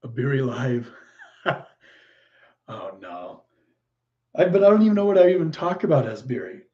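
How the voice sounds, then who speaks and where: In muffled lo-fi stream audio, a medium-pitched man sounds very animated as he goes through viewer comments at normal speed. The livestream host is casual and chatty, quick to laugh and exclaim with delight.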